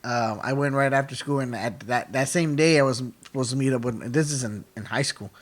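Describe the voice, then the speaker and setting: A man's voice: medium pitch, fairly quick. A young man in casual podcast chat, telling rambling stories and swearing freely. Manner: rambling storyteller, swears, repeats himself. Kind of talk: casual chat over beers.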